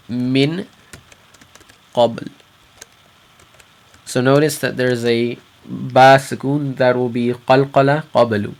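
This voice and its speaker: A man teaching Quran recitation rules, explaining patiently and repeating each example word slowly so learners can hear it. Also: mid-range voice. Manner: patient, repeats Arabic words slowly for practice. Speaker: tajweed teacher.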